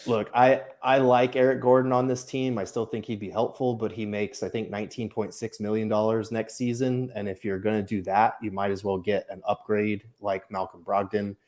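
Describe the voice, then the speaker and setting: A man co-hosting a sports podcast in a joking way, quick with a wisecrack. His voice sits low, with a relaxed, offhand delivery. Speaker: podcast co-host. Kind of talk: casual sports podcast chat.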